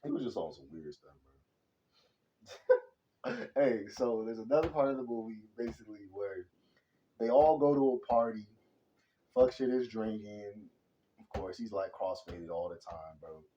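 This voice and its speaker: A man giving a casual, slang-heavy movie review, animated and chatty, calling everyone "bro.". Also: fairly low pitch, moderate pace, long pauses, lo-fi sound, slight background noise. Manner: slangy and animated, says "bro" and "hella" constantly.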